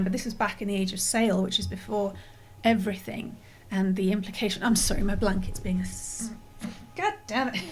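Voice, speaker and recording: A woman's voice: mid-range voice, a little mellow, slight background noise. A woman streamer chatting casually over a game, rambling and apologetic, a little out of breath and yawning. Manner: rambling and apologetic, many restarts and fillers. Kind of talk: casual let's-play commentary.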